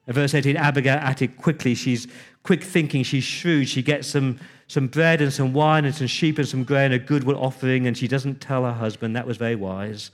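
A man's voice: medium pitch, fairly even intonation, moderate pace. A man preaching a sermon, retelling scripture conversationally with emphatic repetition.

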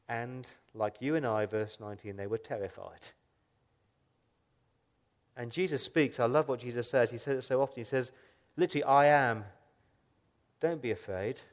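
A man preaching a sermon as pastor, with a voice of middling pitch. He speaks earnestly and asks his listeners questions. He lifts lines with loud emphasis and then drops to a soft, quiet voice.

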